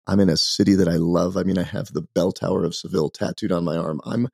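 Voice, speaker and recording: An American man, a podcast guest, telling a story in an emphatic, animated, casual way. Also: deep voice, quick pace, creaky, slightly rough, no room sound, studio quality. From United States.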